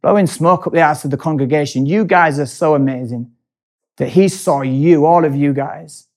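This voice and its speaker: Animated man telling a story. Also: fairly high pitch, normal speed. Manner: animated, laughs often, speeds up in bursts. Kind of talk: casual storytelling chat.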